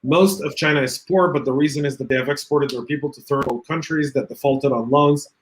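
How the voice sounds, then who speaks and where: Opinionated man, a bit high-pitched. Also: rough recording. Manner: opinionated, quick and joking. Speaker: podcast co-host. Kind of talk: casual online show chat reading viewer comments.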